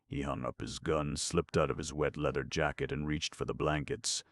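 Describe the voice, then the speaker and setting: A man reading a novel aloud as an audiobook narrator, in a measured, expressive manner. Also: a bass voice, creaky, no room sound, studio quality. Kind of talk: scripted narration.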